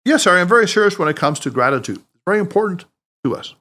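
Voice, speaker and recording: A playful, teasing mentor with an emphatic delivery, voiced by a man. The pitch rises and falls in a lively way, sitting a little high for a man. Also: rapid-fire. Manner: emphatic, teasing, booming laughter. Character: wise playful older male mentor Tanaka.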